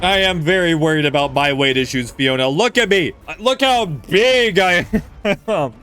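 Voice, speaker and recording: A man's voice: a little high, animated, moderate pace, fairly bright tone. A man streaming a speedrun, giving loose live gameplay commentary, swearing freely and talking to his chat.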